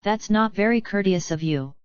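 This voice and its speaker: A woman's voice: medium pitch, lively intonation, normal speed, clean tone, dry recording, close to an everyday voice. A woman reading the lines of a young woman just woken from long sleep, languid and coy. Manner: languid, pitiful pleading. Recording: dull, lo-fi, dry.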